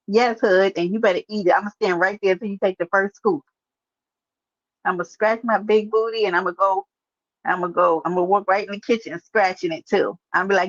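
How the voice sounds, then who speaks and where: A woman's voice: medium pitch, moderate pace, long pauses, dry recording, lo-fi sound. A woman hosting a casual livestream, chatting and teasing as she answers viewers by name. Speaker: livestream host. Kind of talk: casual live-stream chat.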